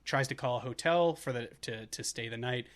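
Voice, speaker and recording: This movie podcast co-host has a mid-range voice that's brisk and a bit bright. His film recap wanders casually, with frequent self-corrections and plenty of laughter.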